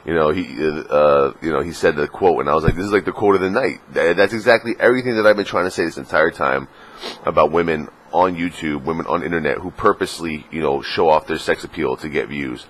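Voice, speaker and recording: A man with an extremely low voice talks fast and a bit brightly in a casual vlog rant, cracking crude jokes and rambling with plenty of fillers. He's just woken up and sounds a little sniffly, and he keeps slipping into mocking put-on voices.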